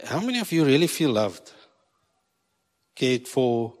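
A man's voice: medium pitch, very animated, unhurried, a little mellow. A South African man preaching a sermon, joking with his congregation and slipping into Afrikaans. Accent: South African English. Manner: jokey, switching between English and Afrikaans. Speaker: pastor. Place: church hall. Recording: long hall reverb.

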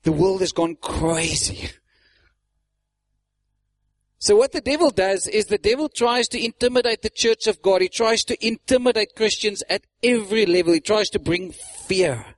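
A man preaching a sermon, animated, acting out mocking voices and laughing often. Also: high voice, normal speed, dry recording.

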